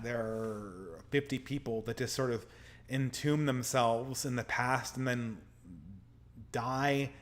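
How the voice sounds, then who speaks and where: A man hosting a live podcast, answering viewer messages in loose, rambling talk full of restarts; he is tired and losing his voice. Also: medium pitch. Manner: rambling, frequent restarts and stammers. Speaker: podcast host reading super chats. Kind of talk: casual live-stream commentary.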